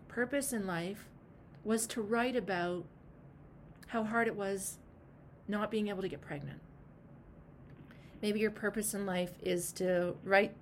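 Woman life coach, mid-pitched, blunt and emphatic, faint hum behind. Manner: emphatic and direct, with frank asides. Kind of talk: casual coaching talk.

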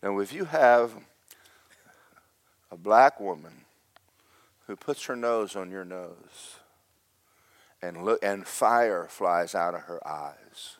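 A middle-aged man preaching a sermon, telling a story in loud bursts that drop to hushed asides. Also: deep voice, slow, long pauses, dry recording. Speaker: pastor.

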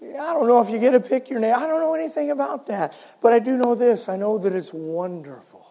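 An older man preaching in a church, his voice high for a man and carried by a long reverb off the walls. He tells stories and swings between soft, intimate lines and loud, ringing ones. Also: brisk, creaky. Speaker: pastor. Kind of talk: sermon. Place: church sanctuary.

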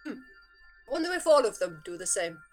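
A woman's voice: medium pitch, sing-song, brisk, faint music behind. A woman at a tabletop game chatting casually and teasing playfully. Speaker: player.

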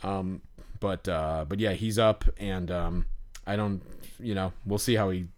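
A man with a low, unhurried voice co-hosts a podcast, chatting casually and rambling through stories packed with fillers and restarts. He gets animated when telling stories.

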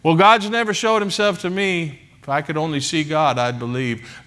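A male pastor preaching a sermon in a church. He is emphatic, with dramatic pauses and heavy repetition. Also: fairly high pitch, fairly even intonation, a bit bright. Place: church sanctuary.

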